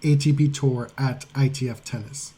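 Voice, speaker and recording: Relaxed man co-hosting a podcast. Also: mid-range voice, moderate pace. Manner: conversational, retells stories, reads tweets aloud. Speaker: podcast co-host. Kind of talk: casual podcast chat.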